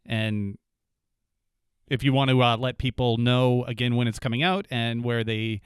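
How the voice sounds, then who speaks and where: A male podcast host who keeps the interview light with easy joking. His voice has an ordinary middle pitch for a man. It is recorded very dry and close, with almost no room sound. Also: unhurried, clean tone, no echo.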